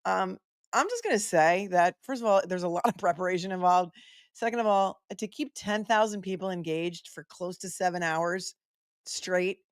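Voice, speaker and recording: A woman's voice: lowish voice, moderate pace, clear, resonant tone, no echo, studio quality. A woman attorney hosting a live stream, chatting casually and playfully while reading out viewer messages. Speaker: attorney commentator hosting a livestream.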